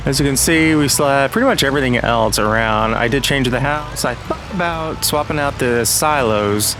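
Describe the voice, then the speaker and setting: A man with a slightly hoarse, frog-in-the-throat voice, rambling casually with lots of ums and uhs as he hosts a farming game let's-play. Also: mid-range voice, normal speed, noisy background. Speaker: gaming channel host.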